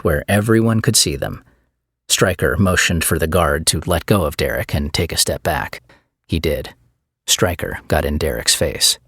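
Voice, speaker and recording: A man narrating an audiobook in a scripted, expressive storytelling style. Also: lowish voice, no echo, studio quality.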